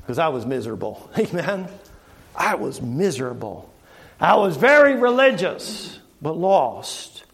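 A middle-aged man delivers an earnest sermon in a notably high voice. He leans on rhetorical questions to the congregation and often circles back, repeating and restarting his phrases as he speaks. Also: sing-song, unhurried, gravelly, a bit bright, slightly rough. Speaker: preacher.

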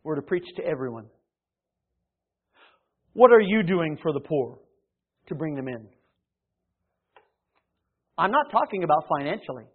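A man preaching a sermon, shifting between loud emphatic lines and hushed low asides. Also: very animated, unhurried, long pauses, husky. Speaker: pastor. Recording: tinny phone-like sermon recording.

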